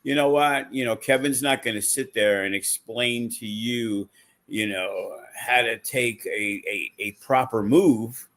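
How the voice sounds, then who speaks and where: A wrestling show promoter chats casually on a podcast, blunt and profane, rambling with lots of fillers. His voice is mid-range with a fairly bright tone.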